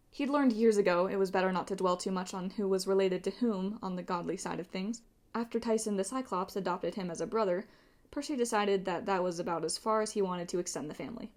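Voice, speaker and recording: A woman reading a novel aloud in a steady, expressive narrating voice. She is an amateur reader recording at home on a cheap microphone through a phone app. Her pitch sits in the middle of the range. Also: brisk. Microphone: cheap microphone, phone voice memo app.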